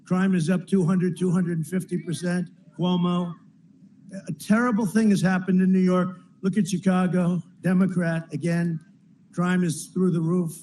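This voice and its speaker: Male politician at a rally, higher voice than most men, talks in loose repetitive riffs and turns to the crowd often. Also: little pitch movement, moderate pace, mellow, a little hiss or hum, rough recording. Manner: rambling, repetitive, with asides to the crowd. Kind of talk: campaign rally speech. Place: large rally venue.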